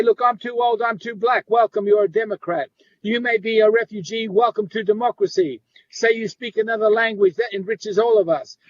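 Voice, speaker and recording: A man's voice: high-pitched, lo-fi sound. A man performing a rhythmic, rhyming spoken word poem at an open mic. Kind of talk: spoken word poetry reading.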